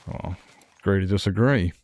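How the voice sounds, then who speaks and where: A man streaming a game, chatting loosely and laughing at himself. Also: deep voice. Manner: rambling, laughs often, self-mocking. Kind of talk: casual gaming stream chat.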